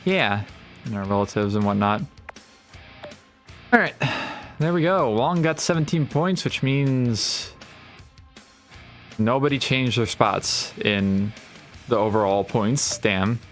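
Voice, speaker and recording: A man's voice: medium pitch, takes it slowly, long pauses, a bit bright. Man rambling over racing game music. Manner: rambling, thinking aloud, wry asides. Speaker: gaming channel host. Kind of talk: casual game playthrough commentary. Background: racing game sounds and music.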